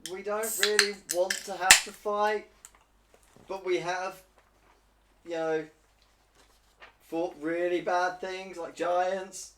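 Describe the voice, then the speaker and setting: A man's voice: sits high, flat delivery, slow, pauses often, pushed and bright, reverberant. A man playing a tabletop game, talking bluntly and arguing with the game master. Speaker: player. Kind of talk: casual tabletop role-play.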